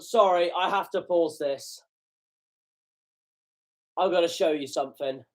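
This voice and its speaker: A man's voice: fairly high pitch, unhurried, pauses often. A man hosting a casual football reaction, chatty, self-mocking and sweary. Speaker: football channel host. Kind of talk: casual match reaction commentary.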